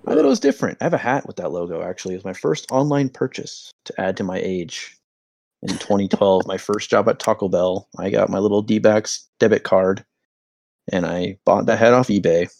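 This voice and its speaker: A young man hosting a casual sports podcast, joking and telling rambling stories in an animated way. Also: lowish voice, brisk, creaky, no room sound, clean studio sound. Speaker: podcast host. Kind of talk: casual hockey podcast banter.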